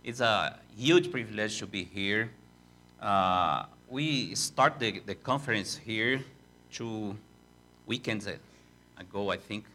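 An older man with a Portuguese accent, a native Portuguese speaker, preaching as a visiting missionary in halting, self-deprecating English. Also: lowish voice, sharp tone. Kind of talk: sermon in a church.

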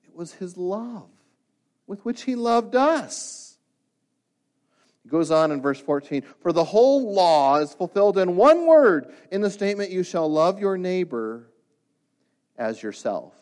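Male pastor, sermon delivery, rises and falls a lot, somewhat high pitch, stacks rhetorical questions. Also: a little slow. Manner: animated preaching with rhetorical questions and repetitions.

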